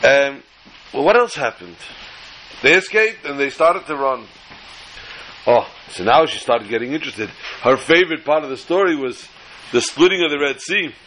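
A man's voice: medium pitch, lively intonation, moderate pace, fairly bright tone, a little hiss or hum, rough recording. A man teaching a Torah class, telling a long joke in a chatty, joking way and often repeating words. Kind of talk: storytelling lecture.

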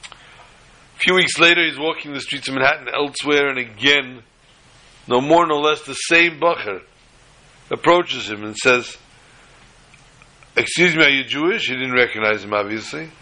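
Bright-voiced man telling a story. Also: mid-range voice, poor audio. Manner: animated, halting storytelling with restarts. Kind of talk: telling a story in a religious talk.

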